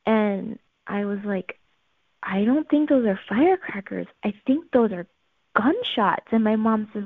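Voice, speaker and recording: A woman telling her life story in an earnest, animated way, acting out the quotes. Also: medium pitch, unhurried, breathy edge, dry recording. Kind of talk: personal storytelling. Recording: tinny phone-like sound, dry.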